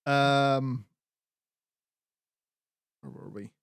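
A man talks through last week's wrestling in a loose, unhurried way, full of ums and muttered curses. His voice sits at an ordinary middle pitch. It is recorded close and dry, with no room sound around it. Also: gravelly, smooth, no echo. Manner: laid-back, recapping with frequent fillers and swearing. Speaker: podcast co-host. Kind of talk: casual wrestling chat.

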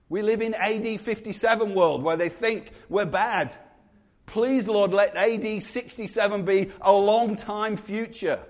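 A man preaches a sermon in a fairly high voice. He tells stories with animation and acts out the people he quotes, from quiet asides to sudden loud outbursts.

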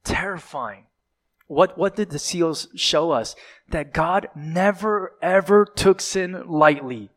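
Slow-speaking male preacher delivering a sermon. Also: on the high side, a bit bright. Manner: dramatic, dropping to whispers for voiced quotes; fillers and self-corrections.

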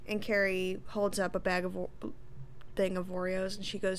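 A woman's voice: mid-range voice, flat delivery, a little fast. A woman co-hosts a podcast in casual recap chat, laughing often between wry asides. Faint background noise sits under her voice. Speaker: podcast co-host.

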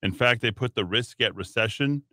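Talk radio host, male: punchy bright tone, dry studio mic, rambling headline rundown. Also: on the low side, moderate pace, no echo. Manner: rambling, reads headlines then riffs with filler words. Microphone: studio microphone.

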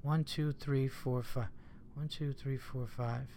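A man's voice: mid-range voice, steady tone, takes it slowly, warm tone, a little hiss or hum. A man hosting a solo podcast, rambling casually, cursing often and getting exasperated. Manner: rambling, profane, easily exasperated. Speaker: comedian podcast host.

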